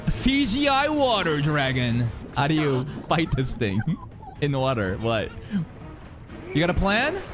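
A man streaming live, commenting on an anime episode and talking to his chat. He swears constantly and swings from loud, excited yelling to low muttering. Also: a little slow, music in the background. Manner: talks to chat viewers.

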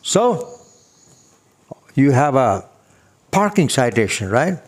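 A man voicing a strict, sarcastic male traffic court judge, brisk and mocking. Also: mid-range voice, sing-song, voice pushed up. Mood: sarcastic stern.

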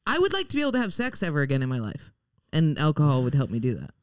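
A woman's voice: sits low, wildly swooping pitch, very fast, clean tone, no room sound. A woman comedian co-hosting a podcast, trading dry jokes in casual comedy chat. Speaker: stand-up comedian, podcast co-host.

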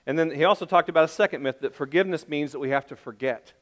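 A man's voice: a little high, fast talker, fairly bright tone. A middle-aged man preaching a sermon, telling a rambling, self-deprecating family story with many restarts. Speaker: pastor.

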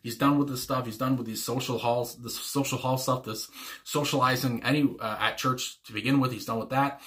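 A man's voice: mid-range voice, fairly quick, sharp tone. Rambling man reacting to a song. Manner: rambling, many fillers, chuckles often. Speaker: music reaction host. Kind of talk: casual song commentary.

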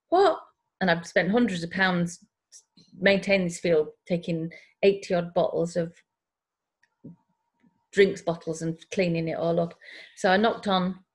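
A woman telling a rambling personal story in a casual group video call. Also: lowish voice. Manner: rambling storyteller who acts out quoted voices. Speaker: group member sharing a story. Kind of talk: casual chat.

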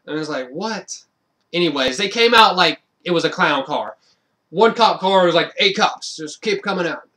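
A man's voice: fairly high pitch, expressive, normal speed, bright, forceful tone. A man giving a casual, rambling film review, with lots of fillers and restarts and frequent amused laughs.

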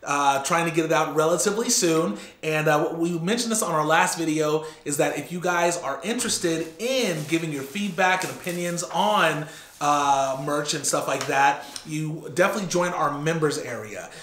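Relaxed, rambling man in a roomy space. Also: a little high, moderate pace, a little hiss or hum. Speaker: co-host. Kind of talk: casual mukbang Q&A chat. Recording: roomy home recording.

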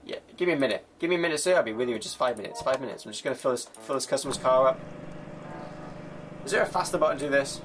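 A man's voice: mid-range voice, racing, soft background music. A young man commentating a game with jokes, chatting to customers in a mock shopkeeper voice. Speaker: gaming YouTuber. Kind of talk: comedic gameplay commentary.

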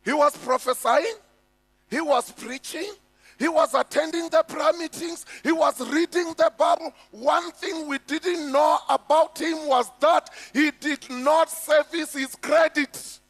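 A man's voice: very high voice, fairly even intonation, a little slow. A man with a South African accent preaching a sermon as pastor, emphatic, with frequent rhetorical questions to the congregation. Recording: echoey hall with faint music.

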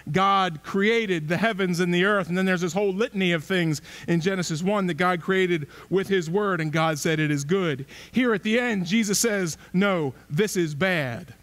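High-voiced male pastor preaching. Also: a bit bright. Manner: conversational preaching with rhetorical questions and repeated phrases. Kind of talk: sermon. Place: church sanctuary.

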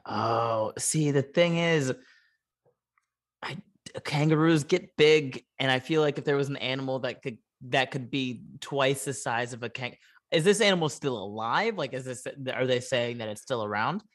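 A man's voice: mid-range voice, normal speed. Wry, joking male comedian guest. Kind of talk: casual interview chat, comic storytelling.

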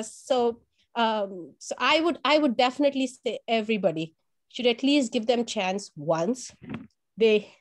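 A woman who runs a child care program, telling stories about the children in a lively conversational way, acting out quotes and often repeating words. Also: mid-range voice. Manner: animated storyteller who acts out quotes in a raised voice; repeats words while thinking. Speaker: family child care provider. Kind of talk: conversational testimonial.

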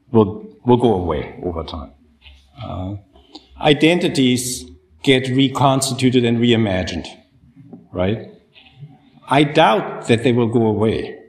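A male professor on a panel, answering in a deliberate, reflective way. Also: on the low side. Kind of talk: academic panel discussion. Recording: roomy hall sound.

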